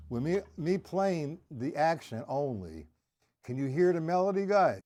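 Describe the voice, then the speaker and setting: A man teaching drums on a live stream, talking through exercises in a slow, chatty way, greeting viewers by name and scatting rhythms aloud. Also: a little high, big pitch swings, mellow, soft background music. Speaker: drum teacher. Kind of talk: live-streamed drum lesson.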